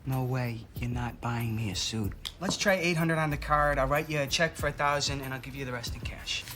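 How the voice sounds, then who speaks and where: A man's voice: medium pitch, brisk, background noise, close to an everyday voice. An actor playing an easygoing, unambitious bartender in his thirties, laid-back and earnest. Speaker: actor in a TV series.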